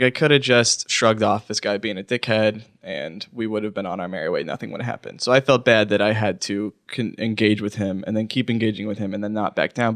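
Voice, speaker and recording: A man's voice: fairly low pitch, fairly bright tone, dry recording, studio quality. A man co-hosting a podcast, telling a story in a rambling way and often breaking off to restart or laugh. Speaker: podcast co-host. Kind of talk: casual chat, storytelling.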